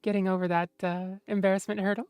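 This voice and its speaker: A woman's voice: mid-range voice, level tone, quick pace, a little mellow, smooth, dry recording. A woman streamer chatting casually with her viewers, playful and teasing. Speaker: streamer reading chat. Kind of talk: casual livestream chat.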